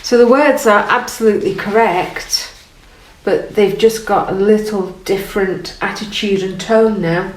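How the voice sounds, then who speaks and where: A woman gently guiding an art lesson while she paints, encouraging and thinking aloud. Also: medium pitch, measured pace. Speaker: art teacher. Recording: roomy, from off the mic, faint noise.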